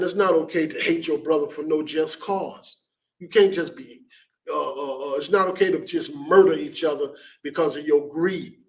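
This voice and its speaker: A man's voice: a little high, distant mic, rough recording. A man teaching a Bible class in an emphatic, blunt and repetitive preaching style, often ending lines with "man".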